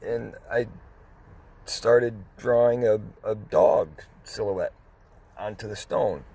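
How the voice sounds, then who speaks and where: A middle-aged man telling a story in a casual, rambling way, pausing and restarting as he goes. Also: fairly low pitch, mellow, breathy edge. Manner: rambling, conversational, with pauses and restarts. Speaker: dog vlogger.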